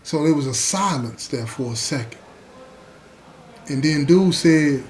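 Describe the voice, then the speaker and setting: A male podcast host with a high voice. He tells the story in a folksy, conversational way and keeps checking in with his listeners as he goes. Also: animated, moderate pace, dark tone. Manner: folksy, repeats "you know what I'm saying".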